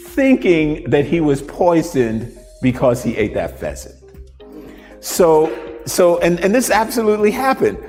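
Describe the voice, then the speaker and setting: A man hosting a talk, telling a story in an animated, conversational way and then leading a live demonstration. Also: fairly high pitch, measured pace, in a large hall, soft background music. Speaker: host and motivational speaker.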